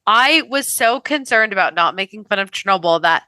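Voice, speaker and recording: A woman's voice: medium pitch, animated, brisk, bright, forceful tone, no room sound, rough recording. A woman co-hosting a podcast, talking bluntly in casual chat, joking and swearing. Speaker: podcast co-host.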